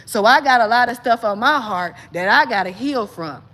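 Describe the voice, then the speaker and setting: A woman vlogger delivers an emphatic personal monologue straight to camera, addressing her viewers directly. She starts animated at a moderate pace, then grows agitated and loud as her pitch climbs.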